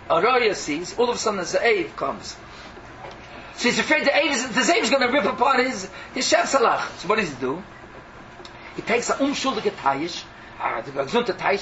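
A man preaching an animated sermon, mixing in Hebrew and phrases. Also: sits high, recorded from a distance, muffled recording, noisy background. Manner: excitable, mixes in Hebrew and Yiddish phrases.

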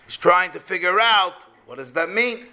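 A high-pitched man gives a storytelling religious lesson, animatedly retelling a tale before pressing its moral home. His voice is bright and forceful. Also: expressive, normal speed. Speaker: religious teacher.

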